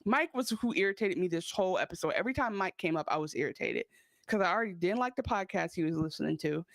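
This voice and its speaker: A woman's voice: on the low side, fast talker, no echo. A woman co-hosting a casual TV recap podcast, chatting and acting out characters' lines. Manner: animated, acts out characters' lines. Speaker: podcast co-host.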